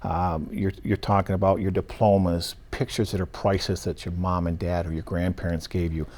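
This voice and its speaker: Deep-voiced man explaining evidence work. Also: little pitch movement, moderate pace, darkish tone. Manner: explains step by step in short listed phrases. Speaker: evidence technician. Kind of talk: interview answers.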